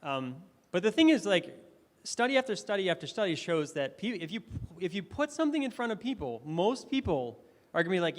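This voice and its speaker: A man's voice: sits high, sing-song, brisk. A man giving a conversational conference presentation, full of fillers and restarts. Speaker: conference speaker. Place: conference hall. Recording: reverberant hall.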